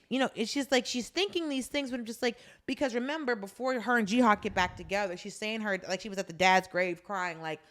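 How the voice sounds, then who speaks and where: A woman co-hosting a podcast, recapping a drama in casual chat, blunt and animated, swearing freely. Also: medium pitch, a little fast, few pauses. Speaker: podcast co-host.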